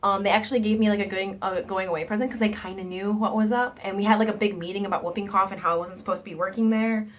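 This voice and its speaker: A young woman vlogger with a nasal voice tells a casual storytime, animatedly acting out the people involved in quoted voices. She speaks at medium pitch, quickly, with hardly any pauses.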